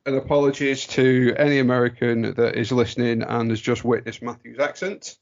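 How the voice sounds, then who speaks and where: A man's voice: medium pitch, brisk, muffled recording. A man, co-hosting a podcast in upbeat, teasing casual chat. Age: 30s. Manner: upbeat, teasing, lively intros. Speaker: podcast co-host.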